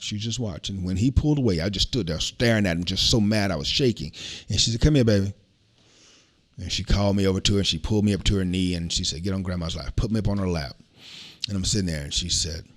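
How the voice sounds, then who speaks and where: A man, hosting a podcast and telling a personal story in an earnest, preacherly way. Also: sits low. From Alabama, USA. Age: 60s. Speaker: podcast host. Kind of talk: casual storytelling chat.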